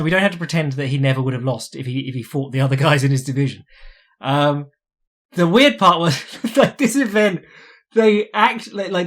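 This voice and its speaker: A man talking casually as a podcast host, animated and sweary, mocking other people's voices when he quotes them. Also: a little high. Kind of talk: casual chat.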